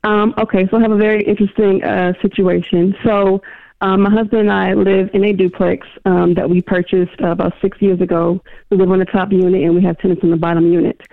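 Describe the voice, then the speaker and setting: Female caller, hesitant, gravelly edge, tinny phone line. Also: mid-range voice, little pitch movement, a little fast, no echo. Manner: hesitant, many um fillers. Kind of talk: phone-in question.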